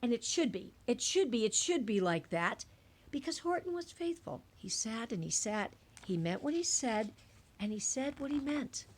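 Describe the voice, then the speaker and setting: A woman reads a rhyming picture book aloud with an expressive, singsong delivery. Her voice sits a little high and ranges widely. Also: normal speed, husky. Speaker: storybook reader.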